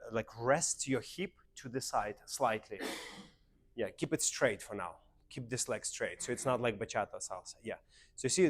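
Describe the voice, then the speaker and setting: A man with a Russian accent leads a beginner dance class. He counts the steps aloud and coaches his students. His voice sits at an ordinary middle pitch. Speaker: dance teacher. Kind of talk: dance lesson instruction.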